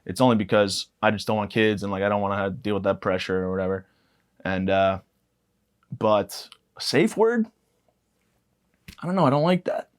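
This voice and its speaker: Rambling crude young comedian. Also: male voice, fairly low pitch, moderate pace, pauses often, smooth. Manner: rambling, crude, deadpan self-mocking, heavy filler words. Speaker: podcast host. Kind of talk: comedic monologue.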